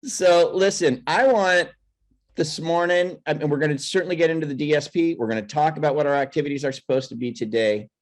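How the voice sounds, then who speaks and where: A man's voice: a little high, a little fast. Man giving a pep talk. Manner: repeats and restarts phrases, pep-talk manner. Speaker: host of a mortgage coaching call. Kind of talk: animated coaching on a video call. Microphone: video call.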